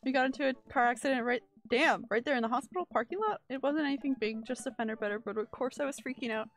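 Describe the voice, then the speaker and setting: A woman's voice: high voice, fast. Woman reading as a sentimental dad in a game. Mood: wistful. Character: easygoing middle-aged single dad, sentimental. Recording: quiet music under the voice.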